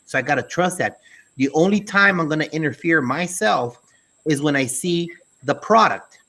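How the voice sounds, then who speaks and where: A man's voice: fairly high pitch, animated, moderate pace, bright, forceful tone. A man co-hosting an education talk show, speaking emphatically and dropping folksy sayings. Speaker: podcast co-host, school administrator. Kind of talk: casual conversational talk.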